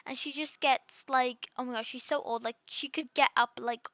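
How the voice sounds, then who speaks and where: A woman's voice: sits high, steady tone, normal speed, bright, forceful tone, no room sound. A woman voicing a rude, bratty girl under ten who rambles smugly through her story with constant fillers. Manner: smug, gleeful. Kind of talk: voice role-play storytime.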